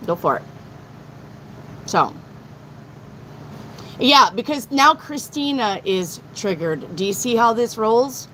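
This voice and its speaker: Blunt, excitable woman tarot reader. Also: fairly high pitch, slow, pauses often, slight background noise, rough recording. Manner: blunt, excitable, swears freely. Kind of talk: live-stream tarot reading.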